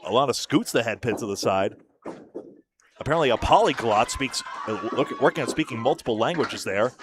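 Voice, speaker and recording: Man, play-by-play commentator, lively up-and-down pitch, excited calls, casual asides. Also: brisk, noisy background. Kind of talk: live sports commentary.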